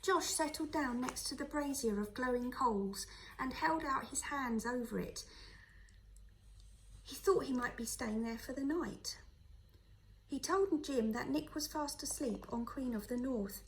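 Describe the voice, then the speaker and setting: A woman, a teacher, reading a children's novel aloud in a steady, clear storytelling voice. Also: sits high, a little slow, a little hiss or hum, poor audio.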